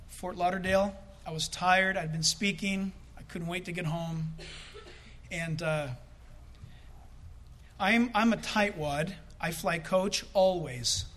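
A man tells a funny story in the middle of a sermon, and his voice sits high and bright. His pitch leaps all over as he acts out the people in the story. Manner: animated, comic acting out of quoted voices. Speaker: preacher.

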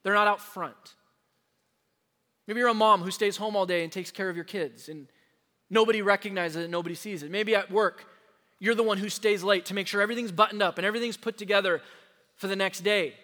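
A man pastor preaching a sermon to his congregation, emphatic and slowing down to stress key words, recorded in a church sanctuary. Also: high voice, fairly even intonation, sharp tone. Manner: addresses the congregation directly. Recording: long hall reverb.

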